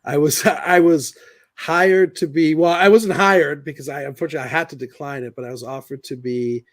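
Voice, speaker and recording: A man from the United States in casual podcast chat, full of fillers like "like", who tells stories with quick laughs. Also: a little high, fairly even intonation, dry recording. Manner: chatty, many fillers like "like", laughs while telling stories.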